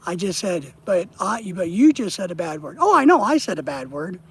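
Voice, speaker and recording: A man with a husky voice chatting casually with his viewers on a live stream while he fishes outdoors. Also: high-pitched, big pitch swings, moderate pace. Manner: rambling, chatty, addresses viewers in chat. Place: outdoors, fishing.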